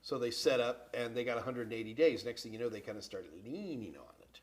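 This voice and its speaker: A man's voice: medium pitch, expressive, fast talker. An older man hosting a casual live tech Q and A, joking and playful, often slipping into quoted voices. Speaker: host answering tech questions. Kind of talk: casual live-stream chat.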